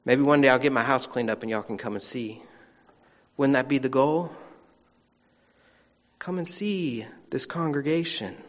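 Folksy pastor preaching in a reverberant sanctuary. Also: male voice, mid-range voice, measured pace, pauses often. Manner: folksy and conversational, with playful asides. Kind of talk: sermon. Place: church sanctuary. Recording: long reverb of a church sanctuary.

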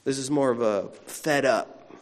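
A male pastor preaches at an unhurried pace, telling the story in a chatty way and turning to the congregation with asides. His voice sits in the middle range. A long reverb from a large church hall trails after each sentence. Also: mid-range voice. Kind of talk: sermon.

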